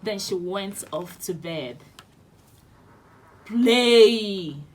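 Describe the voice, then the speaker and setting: Slow Nigerian woman reading a fairy tale. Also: medium pitch. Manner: slow, expressive storytelling. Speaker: children's radio host. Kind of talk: storybook reading aloud. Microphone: studio radio mic.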